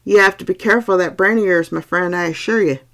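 A woman voicing a raw-boned male Irish village doctor with an Irish accent, blunt, teasing and forceful. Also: fairly low pitch, fast.

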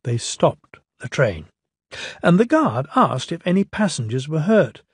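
A man reading a children's storybook aloud in a lilting, expressive way. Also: fairly high pitch, a little slow, breathy edge, no echo, studio quality. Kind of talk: storybook narration.

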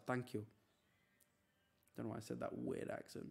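Male streamer, relaxed chatty read of chat, mid pitch, unforced. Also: vocal fry. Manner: chatty, easygoing, quick to brush off teasing. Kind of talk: casual live-stream chat.

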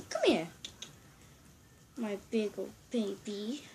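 A woman vlogging at home in a casual way, excitable and giggly, coaxing her pet to come over. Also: a little high, moderate pace, a little hiss or hum. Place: at home, indoors.

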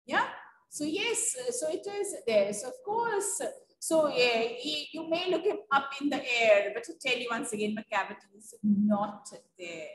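A woman's voice: high-pitched, big pitch swings, normal speed. A woman with an Indian English accent teaching an English class, explaining with many fillers and checking questions. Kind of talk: online class lesson. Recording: echoey room, distant mic, faint noise.

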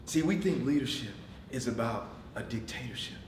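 A man giving a motivational talk to a room of managers, swinging from shouts to near-whispers, laughing often and calling on the audience. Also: mid-range voice, lively intonation, normal speed, hardly any pauses, reverberant, distant mic, background noise. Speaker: motivational speaker. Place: meeting room.

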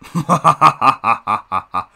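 A man voicing a scheming villainous male diesel engine with a put-on Russian accent, slow, gravelly and menacing. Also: lowish voice, bright, forceful tone, exaggerated voice. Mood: menacing taunting.

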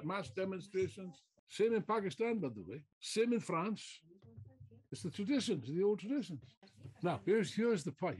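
A man's voice: sits high, a little mellow, slightly rough. Emphatic man giving a political speech. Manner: emphatic, repeats phrases, rhetorical questions; mocking mimicry of opponents. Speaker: political speaker.

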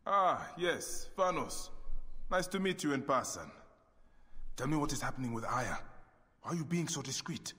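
Blunt guarded warrior guy from a game, husky, reverby. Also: mid-range voice, lively intonation, normal speed, pauses often, bright, forceful tone. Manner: blunt, questioning. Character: terse, guarded male warrior hero. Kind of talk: video game voice acting.

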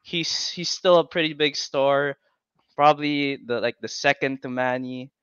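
A man from the Philippines, a guest chatting casually about boxing in a relaxed, halting way with plenty of fillers and restarts, heard over a video call. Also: medium pitch, clear, resonant tone, dry recording, muffled recording. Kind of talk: casual chat.

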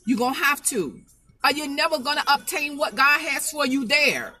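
A woman's voice: high voice, expressive, moderate pace, sharp tone, faint music behind. A woman preaching an informal spoken sermon, emphatic and folksy, repeating her phrases to drive the point home.

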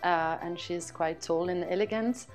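Hesitant woman, fairly low voice. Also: measured pace, faint music behind. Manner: hesitant, filler-heavy. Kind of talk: interview answers.

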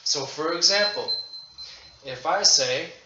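A man teaching English to children in a demo lesson, speaking slowly and deliberately and repeating phrases for learners. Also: a little high, lively intonation, sharp tone. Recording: roomy, dull lo-fi audio with faint noise.

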